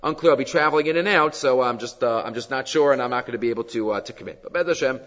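A man giving a Torah class, teaching with animated delivery and weaving Hebrew and Aramaic quotes into English. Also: medium pitch, very fast, long reverb tail, highs cut off. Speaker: rabbi giving a weekly class.

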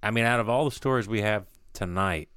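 Male podcast co-host, very low voice, dry close sound, relaxed and casual. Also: a little fast, clean tone, dry recording. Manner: relaxed, reacts with short agreements. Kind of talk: casual chat.

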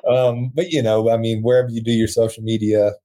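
A man telling an emotional story as a podcast guest, earnest and quick to laugh. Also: mid-range voice, flat delivery, dark tone. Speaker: podcast guest, prison ministry founder. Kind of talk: storytelling in conversation.

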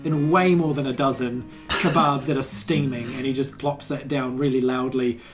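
A man's voice: medium pitch, steady tone, moderate pace. A man running a tabletop game as dungeon master, telling the scene in a laid-back way and laughing at his own jokes. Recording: music bed behind the talk.

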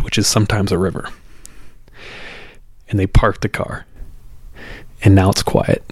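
Low-ish guy telling a creepy story casually, lots of fillers and restarts, dry close sound. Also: no room sound. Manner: loose and conversational, repeats words, fillers. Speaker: podcast host.

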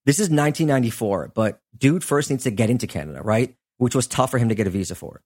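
A man's voice: mid-range voice, expressive, fast talker, a little mellow, slightly rough. A man hosting a podcast, telling a true-crime story in a casual, conversational way with frequent asides. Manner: conversational, chatty, lots of "like" and "you know" asides. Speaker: podcast host.

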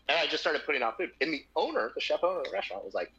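A man in his thirties chatting casually on a podcast, telling profane, animated anecdotes with quoted voices. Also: on the high side, racing, hardly any pauses. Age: 30s. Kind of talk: casual chat, storytelling. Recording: dull lo-fi audio.

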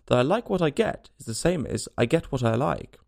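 A man's voice: medium pitch, animated, fairly quick, gravelly, darkish tone. A man voicing the March Hare, a blunt, gloomy talking hare. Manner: blunt then meek.

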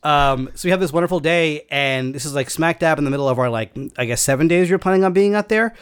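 A man telling a long personal story in casual chat, rambling and halting with many fillers and restarts. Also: a little high, clean tone.

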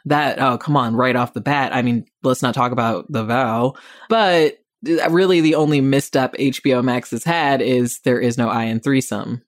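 A woman's voice: rumbling low, normal speed, no echo, studio quality. Chatty opinionated woman podcast host. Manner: opinionated, animated, rambling with asides. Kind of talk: casual chatty review podcast.

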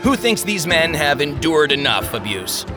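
A man's voice: a little high, big pitch swings, normal speed, loud music behind the voice. A man voicing a harsh, mocking city guard who speaks in a stern, commanding way.

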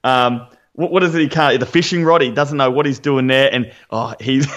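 A man's voice: mid-range voice, moderate pace, a bit bright, muffled recording. An Australian man co-hosting a podcast, chatting enthusiastically about a reality show and often restarting his sentences. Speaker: podcast co-host. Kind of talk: casual reality-show recap chat.

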